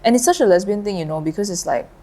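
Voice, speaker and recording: A woman's voice: medium pitch, expressive, very fast, dark tone, poor audio. A woman co-hosting a podcast in casual chat, blunt and emphatic as she rants. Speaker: podcast co-host.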